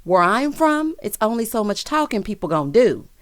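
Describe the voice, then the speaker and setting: A woman's voice: a little high, moderate pace, no room sound, clean studio sound. A woman gives a sassy, playful recap of a reality show, mimicking the cast as she tells it. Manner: sassy, playful, animated storytelling with mimicked quotes. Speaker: recap vlogger.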